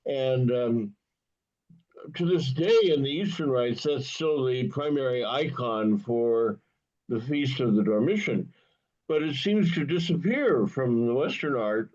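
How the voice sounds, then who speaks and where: A man's voice: mid-range voice, a little mellow. A man asking a rambling, hesitant question in an online panel. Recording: dull lo-fi audio.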